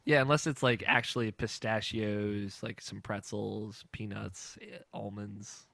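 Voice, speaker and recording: A man's voice: lowish voice, fairly even intonation, measured pace, gravelly, a bit bright, no room sound. A young man hosting a podcast in casual, rambling chat, laughing often. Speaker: podcast host.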